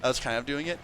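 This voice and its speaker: A man's voice: mid-range voice, fairly bright tone, a little hiss or hum. A man streaming live, chatting casually and laughing often as he plays. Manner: chatty, laughs often, reads game lines aloud in voices. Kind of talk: casual chat while playing and voicing game dialogue.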